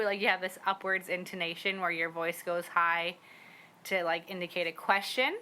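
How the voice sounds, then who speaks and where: A young woman from the Squamish Nation, a parent learning her language, chatting casually with lots of fillers and quick laughs as she acts out little quotes. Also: lowish voice, steady tone, sharp tone, poor audio. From Squamish Nation, British Columbia, Canada. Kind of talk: casual conversation. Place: outdoor community garden.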